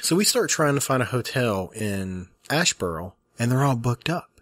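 A man's voice: mid-range voice, very animated, moderate pace, fairly bright tone, no room sound. A young man with a mid-range voice co-hosts a casual podcast and tells long stories with dry, wry humor. The sound is close and dead dry. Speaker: podcast co-host. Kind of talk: casual chat.

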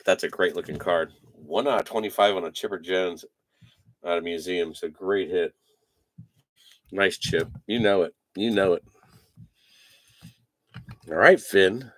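A man hosting a live trading card break, calling out player names and giving energetic, slangy shout-outs to buyers. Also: low voice, unhurried, long pauses.

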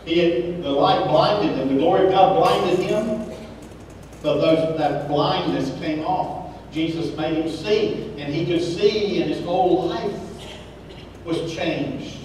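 A high-voiced man preaches a sermon from well back in a big church sanctuary, his words ringing around a very echoey hall. He swings between loud, emphatic exclamations and hushed, low lines. A faint hiss sits under the recording. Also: slow pace, far from the mic. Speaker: pastor.

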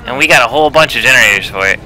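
A young man streaming a horror game, swearing and shouting in panic as he plays. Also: mid-range voice, animated, very fast, slight background noise, rough recording. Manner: loud, panicky, swearing, shouts and trash-talks while playing. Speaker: gamer streamer. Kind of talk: live horror game commentary.

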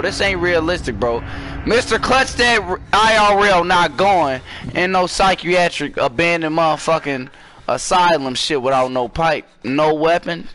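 Young guy yelling and cussing through a scary game, high bright voice, jumps all over the place. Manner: profane, excitable, jumpy with screams. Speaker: gaming streamer. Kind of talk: horror gameplay commentary.

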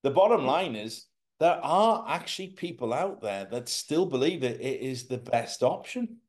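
A man co-hosting a casual chat, animated and fond of telling stories by acting out quoted voices. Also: medium pitch, normal speed. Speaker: co-host.

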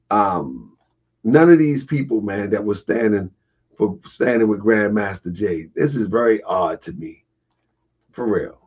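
A man hosting a casual livestream, husky and getting over a cold, talking to viewers, laughing often and answering chat comments. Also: on the low side, darkish tone, dull audio. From Baltimore area. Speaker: livestream host.

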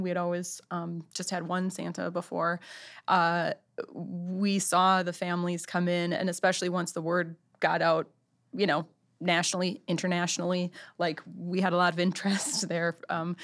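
A woman who co-owns a photo studio, telling a heartfelt story in a casual interview. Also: on the low side. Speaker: business co-owner.

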